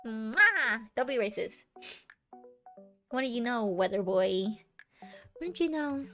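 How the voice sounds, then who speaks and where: A woman's voice: a little high, expressive, takes it slowly, pushed and bright, soft background music. A young American woman streaming live, chatting casually and playfully with many restarts. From United States.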